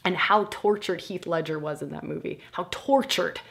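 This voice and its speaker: A woman in a podcast conversation, telling a candid personal story in an animated, self-mocking way and swearing now and then. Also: on the low side, moderate pace, creaky.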